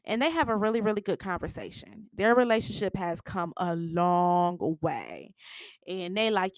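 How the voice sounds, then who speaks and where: A woman's voice: fairly low pitch, expressive, a little slow, dry recording. A woman giving a casual, sassy recap of a TV episode. She laughs often and acts out the characters' lines as she goes. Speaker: TV recap vlogger.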